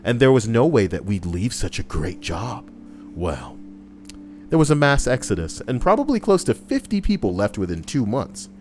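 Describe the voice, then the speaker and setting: A man's voice: mid-range voice, very animated, moderate pace, a little mellow, slight background noise. A young man live streaming, chatting casually and reading viewer messages aloud in a rambling, crude, joking way.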